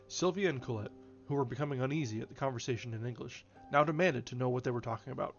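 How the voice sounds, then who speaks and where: A man reading a novel aloud in a measured way, now and then correcting a slip. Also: medium pitch, creaky. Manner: measured, occasional self-corrections. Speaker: reader. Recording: slightly dull, faint music behind.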